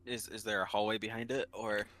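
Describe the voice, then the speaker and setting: A man's voice: fairly low pitch, flat delivery, a little fast, sharp tone. A man playing a tabletop game, polite and asking questions as he plays. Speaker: player. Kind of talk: casual tabletop game play.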